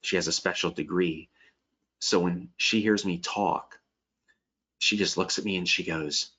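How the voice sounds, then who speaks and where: Speaking low and unhurried, this webinar host has a sharp, slightly rough tone, fairly even intonation, and frequent pauses. He carries a slight Pennsylvania Dutch accent and keeps things upbeat as he runs a live sales pitch and answers viewers' questions. Sound quality is dull, lo-fi webinar audio.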